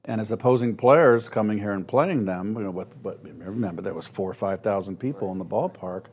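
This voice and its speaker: Lively storytelling man, low voice. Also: a little fast, husky. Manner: animated anecdotes, acts out quoted voices, laughs often. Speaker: guest, former ballplayer. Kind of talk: storytelling interview.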